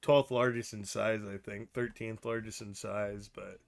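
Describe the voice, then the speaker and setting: A young man from Idaho, co-hosting a podcast, telling stories in an animated, profane way and laughing as he talks. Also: on the low side, a little slow, vocal fry. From Idaho, United States. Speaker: podcast co-host. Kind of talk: casual storytelling chat.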